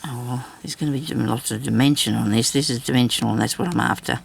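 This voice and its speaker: A woman's voice: extremely low pitch, fast, creaky, a little hiss or hum. A woman vlogging a crafting demonstration, rambling and chatty as she talks straight to her viewers.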